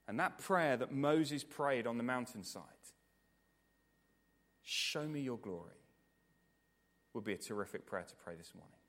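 Male preacher, mid-pitched, earnest delivery swinging loud to soft, heard in a long-reverb church. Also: expressive, fairly quick, hardly any pauses. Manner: earnest, repetitive emphasis, swings from loud to hushed. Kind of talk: sermon ending in prayer.

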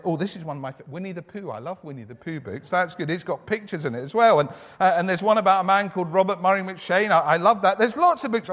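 A man giving a lively children's talk in church, asking the children questions as he goes. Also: high voice. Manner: animated, asks children questions. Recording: echoey church hall.

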